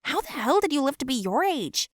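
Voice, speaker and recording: A woman voicing a smug teenage boy who mocks a classmate in an animated story. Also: sits high, brisk, no room sound, studio quality, pitched above the performer's own voice. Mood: sneering. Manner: sneering, mocking.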